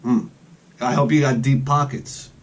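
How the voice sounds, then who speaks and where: A man's voice: medium pitch, steady tone, unhurried. A man rambling in a casual vlog outdoors, chatting with joking asides about his collection. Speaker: collector vlogger.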